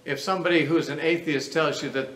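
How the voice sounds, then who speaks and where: A man's voice: on the high side, fairly even intonation, quick pace, a bit bright. A man teaching a Bible class, explaining scripture in an earnest lecture that reasons aloud. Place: lecture room. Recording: roomy echo with faint background noise.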